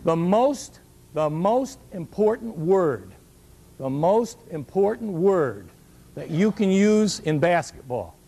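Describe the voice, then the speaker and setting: A man in his sixties gives a shooting clinic, telling folksy stories full of joking asides. His voice sits high yet sounds mellow, with a gravelly edge. He hammers home his key words by saying them again and again to a live group. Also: sing-song, slow. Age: 60s. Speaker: basketball shooting coach. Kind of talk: coaching clinic talk.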